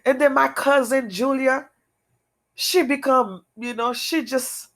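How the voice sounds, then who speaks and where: A woman tells her own testimony in a fairly high voice, unhurried and deliberate. Her speech is halting and repetitive, circling back to key phrases with earnest intensity. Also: fairly even intonation, a bit bright. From outside America. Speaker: testimony speaker. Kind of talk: emotional personal testimony.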